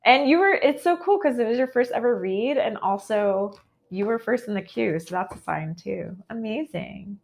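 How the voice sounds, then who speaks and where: A woman's voice: on the high side, lively intonation, moderate pace, creaky. A woman with an American accent giving a chatty, upbeat live tarot reading, full of "um" and "like". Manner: chatty and upbeat, heavy with fillers like "um" and "like". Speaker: tarot reader.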